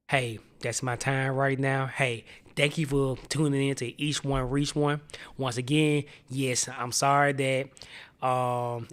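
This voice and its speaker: A man pastor delivering a sermon with impassioned preaching that drops into hushed tones. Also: mid-range voice. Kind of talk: sermon on a streamed show.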